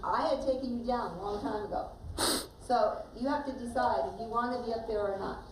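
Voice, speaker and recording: A woman's voice: fairly high pitch, brisk. Woman teacher, step-by-step storytelling, noisy echoey classroom. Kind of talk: classroom directing. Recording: distant echoey classroom, clear noise.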